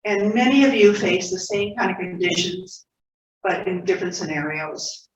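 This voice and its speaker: A woman's voice: mid-range voice, animated, normal speed. Woman preaching in a roomy hall. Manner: conversational storytelling with asides. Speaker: speaker at a spiritual center. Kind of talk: sermon. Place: spiritual center hall. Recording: roomy, distant, dull hall audio with faint noise.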